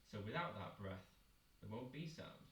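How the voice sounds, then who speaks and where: A man, a choir teacher leading a vocal warm-up and explaining each step patiently. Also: on the low side, expressive, moderate pace, slight background noise. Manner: patient, step-by-step instructing with demonstrations. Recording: echoey room, mic at a distance.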